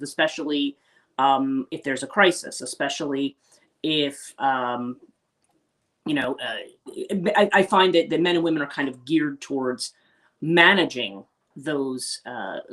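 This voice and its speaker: With a very deep voice and a fairly bright tone, this woman leads a spiritual life coaching livestream. Her unscripted talk is casual and meandering, full of restarts and quotes she acts out.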